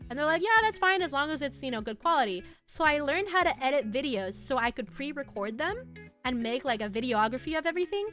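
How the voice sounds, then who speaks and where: A bubbly young woman chats with her viewers on stream, giggling often as she reads their messages aloud. Her voice sits fairly high and swoops all over. Soft music plays faintly under her voice. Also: very animated, quick pace. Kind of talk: casual chat with live chat.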